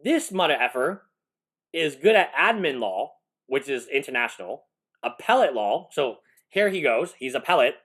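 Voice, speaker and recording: A man's voice: medium pitch, big pitch swings, moderate pace, fairly bright tone. A man, a lawyer, giving live reaction commentary, incredulous and laughing, rambling with restarts.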